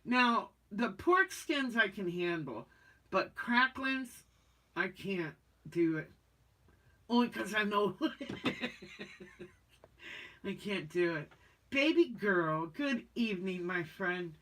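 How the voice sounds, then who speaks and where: Slow and expressive, a woman with a medium-pitched, fairly bright voice hosts a casual livestream. She chats folksily and reads out what viewers type in the chat.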